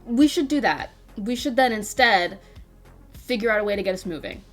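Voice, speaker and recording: A woman at a tabletop game with an ordinary mid-pitched voice, unsure of herself and thinking aloud as she talks. Faint music sits underneath. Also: big pitch swings, moderate pace. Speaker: player. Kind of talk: tabletop game role-play.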